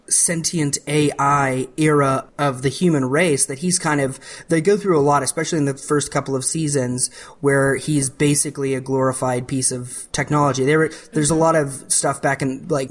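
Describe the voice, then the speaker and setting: A man co-hosting a podcast in casual chat, rambling and often restarting his phrases. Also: a little high. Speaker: podcast co-host.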